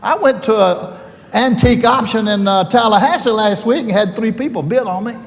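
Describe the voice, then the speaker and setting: A man's voice: high voice, moderate pace, long reverb tail, background noise. An older man with a Southern US accent, giving a homespun, joking faith talk full of stories as he addresses a team. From Alabama, US.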